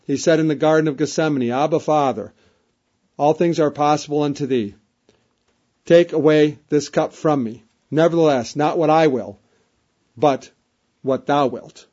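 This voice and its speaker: A man's voice: fairly high pitch, fairly even intonation, moderate pace, pauses often, darkish tone. A man preaching a sermon, reading King James scripture aloud and repeating key phrases for emphasis. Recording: dull lo-fi recording.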